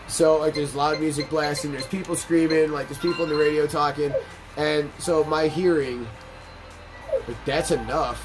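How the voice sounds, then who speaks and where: A man's voice: on the high side, normal speed, rough recording. A man hosting a game playthrough, rambling through a long, profane personal story as he plays. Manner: rambling, profane, animated anecdotes. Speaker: let's play host. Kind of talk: casual gameplay commentary and storytelling. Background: game music.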